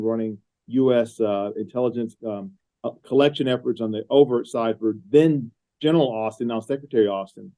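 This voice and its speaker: A man's voice: mid-range voice, warm tone, low-quality recording. A middle-aged man speaking as a podcast guest over a call, earnest and prone to repeating words while he thinks. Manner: earnest, repeats words as he gathers his thoughts. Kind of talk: podcast interview conversation. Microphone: remote call.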